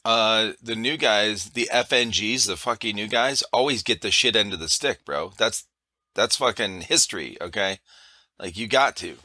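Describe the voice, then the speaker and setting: A man's voice: lowish voice, moderate pace, pushed and bright, dry recording. A man hosting a podcast in casual chat, giving short, blunt and profane reactions. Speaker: podcast host.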